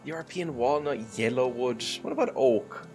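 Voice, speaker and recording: A man's voice: mid-range voice, moderate pace, darkish tone, faint music behind. An Irish man streaming a game, chatting casually and self-deprecatingly, laughing often and swearing now and then. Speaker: gaming streamer. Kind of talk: casual chat over gameplay.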